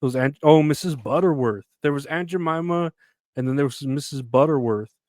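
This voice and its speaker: A man's voice: a little high, fairly quick, a little mellow, no echo. A young man hosting a casual solo comedy podcast, rambling with crude offhand jokes. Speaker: podcast host.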